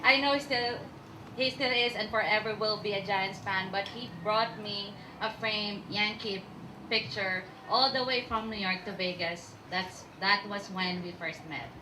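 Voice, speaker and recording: A woman's voice: medium pitch, a little slow, noisy background. A woman reading her maid-of-honor toast from notes, giggly and emotional, close to tears. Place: restaurant reception. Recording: echoey room, mic at a distance.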